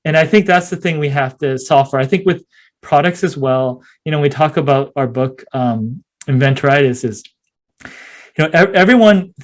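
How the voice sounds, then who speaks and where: A man speaking as a podcast guest in casual interview talk, an animated storyteller who acts out scenes and uses many fillers. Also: on the high side, normal speed. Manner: many fillers like "you know".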